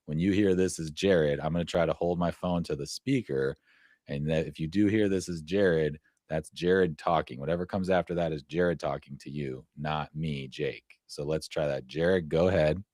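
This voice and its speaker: Very deep-voiced man hosting a live show. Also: a little mellow, no echo, clean studio sound. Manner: halting, filler-heavy explaining. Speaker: show producer and host. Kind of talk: live casual show chat.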